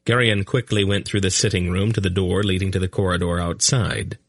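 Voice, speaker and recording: Deep-voiced male narrator, slow measured read, dry close sound. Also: steady tone, dry recording. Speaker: audiobook narrator. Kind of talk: scripted narration.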